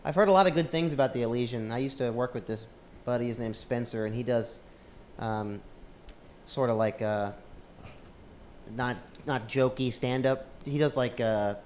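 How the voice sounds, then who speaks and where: A man's voice: mid-range voice, normal speed, darkish tone. Laid-back man hosting, faint background hiss. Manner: laid-back, hesitant, many fillers. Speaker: podcast host. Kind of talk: casual chat.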